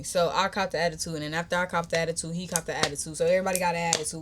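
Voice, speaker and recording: A young woman hosting a podcast, telling a personal story in a chatty, animated, slangy way and talking straight to her listeners. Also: fairly low pitch, racing, slight background noise. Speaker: podcast host. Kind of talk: casual storytime.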